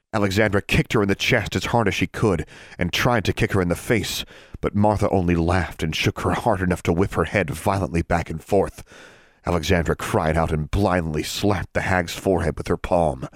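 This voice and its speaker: A man with a very deep, low voice narrates a fantasy story. His delivery is steady and measured. The recording is dry, with no room echo. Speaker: audiobook narrator. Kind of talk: scripted narration.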